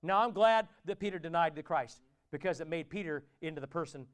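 A man's voice: on the high side, fairly quick, clean tone. A man preaching a conversational sermon in a church, often asking his listeners questions. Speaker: pastor.

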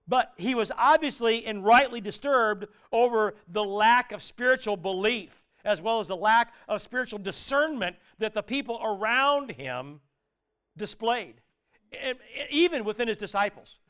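A man preaching a sermon in an earnest, conversational way, breaking into sudden loud exclaimed asides. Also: high-pitched, expressive, normal speed, smooth.

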